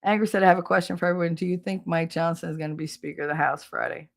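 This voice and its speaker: A woman's voice: rapid-fire, vocal fry. A woman in her forties hosting a casual livestream, telling a family story and acting out everyone's lines with big jumps in her voice. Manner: animated, acts out quotes with big pitch jumps. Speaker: livestream host.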